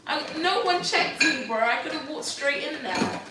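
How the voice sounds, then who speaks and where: A young woman tells gossipy stories in loose slang, sprinkled with swearing. She sits well back from the mic in a heavily echoing room. Steady noise runs beneath her fairly high voice. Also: normal speed. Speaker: friend of the host. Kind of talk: casual chat. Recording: distant, echoey room with steady background noise.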